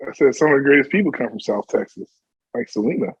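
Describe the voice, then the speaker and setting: Brief: male podcast guest, mid-pitched, jokey, on a dry, slightly dull line. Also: expressive, fast, husky, no room sound. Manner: jokey, laughs easily. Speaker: podcast guest, competitive powerlifter. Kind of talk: casual chat.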